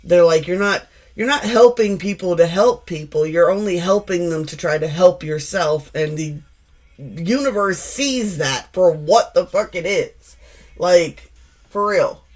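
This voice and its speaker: A woman's voice: on the low side, measured pace. A woman in her forties giving a casual tarot reading, blunt and profane, rambling with frequent restarts. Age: 40s. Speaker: tarot reader.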